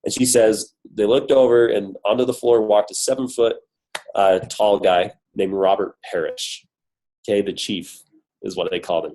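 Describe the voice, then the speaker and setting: A man with a cold speaks as a corporate guest on a team coaching call, giving an upbeat, emphatic motivational talk full of rhetorical questions. His worn voice is fairly low and a little mellow, captured in a rough recording.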